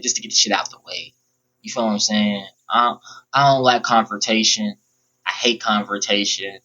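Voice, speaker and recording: A man's voice: medium pitch, bright, forceful tone, lo-fi sound. A young man rambling bluntly and profanely through a personal storytime vlog. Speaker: vlogger. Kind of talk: casual storytime monologue.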